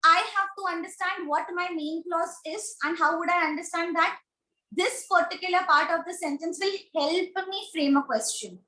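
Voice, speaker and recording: A woman with an Indian English accent teaching grammar in an online class, speaking slowly and deliberately and repeating questions to her students. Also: extremely high pitch, sharp tone, a little hiss or hum. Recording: echoey room.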